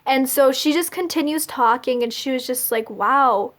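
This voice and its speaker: High-voiced young woman, chatty vlogger. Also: normal speed. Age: young adult. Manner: fills nearly every phrase with "like"; chatty, confessional, laughs between lines. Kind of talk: casual storytelling to camera.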